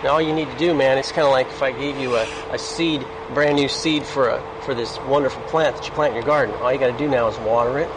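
A man talking gently and encouragingly to someone one-on-one, outdoors by a street, in a played clip. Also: medium pitch, steady tone, fast talker, few pauses, background noise. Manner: gentle, encouraging, plain-spoken. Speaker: street evangelist. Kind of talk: casual one-on-one talk.

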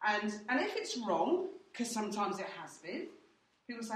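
A woman's voice: medium pitch, big pitch swings, moderate pace. A woman leading a church training session, speaking directly and acting out what people say in her own stories. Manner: direct, anecdotal, acts out quotes. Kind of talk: teaching with personal stories. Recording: echoey room from far off.

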